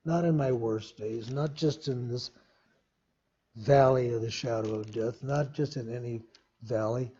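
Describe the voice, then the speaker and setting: Slow, husky-voiced male preacher. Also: mid-range voice, mellow. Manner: slow, emphatic reading of scripture with commentary. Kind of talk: sermon. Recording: dull lo-fi sermon recording.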